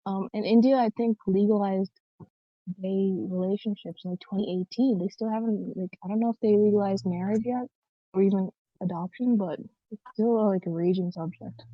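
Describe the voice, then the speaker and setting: A woman's voice: mid-range voice, fairly even intonation, moderate pace, no echo. A young woman co-hosting a podcast, talking earnestly with lots of likes and ums. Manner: earnest, filler-heavy with many likes and ums. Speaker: podcast co-host. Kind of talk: casual discussion. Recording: dull lo-fi dry sound.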